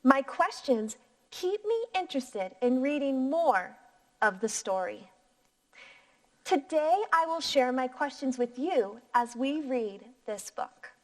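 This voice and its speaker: A woman teacher reading a picture book aloud to young children in a clear, encouraging voice. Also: high-pitched, expressive. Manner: slow, clear, encouraging teacher voice with sing-song inflection.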